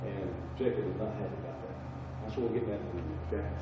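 A man with a Southern US accent teaching a Bible class, halting and repeating himself as he quizzes the group. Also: fairly low pitch, noisy background. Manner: halting, repeats words, asks the class questions. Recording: echoey room from far off, dull sound.

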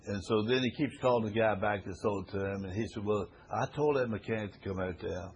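A man's voice: lowish voice, fairly quick, dull audio, slight background noise. A man teaching a Bible study class to a small group, reading scripture aloud and explaining it in a folksy way, often repeating phrases for emphasis.

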